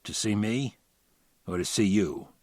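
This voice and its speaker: A man's voice: fairly low pitch, a little slow, no echo, clean studio sound, lightly acted. A man voicing an easygoing husband who talks in a wry, offhand way. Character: easygoing male engineer husband, joking.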